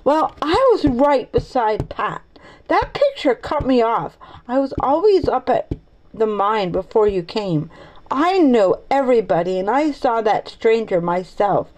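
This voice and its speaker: Earnest boy telling secrets in a storybook, lively voice, woman reading it. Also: on the high side, measured pace, rough recording.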